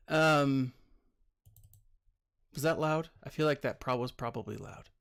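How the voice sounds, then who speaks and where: A man's voice: mid-range voice, unhurried, gravelly, a bit bright, clean tone. A man who works as a teacher, chatting casually while commenting on a mobile game, a little tired, rambling with lots of fillers.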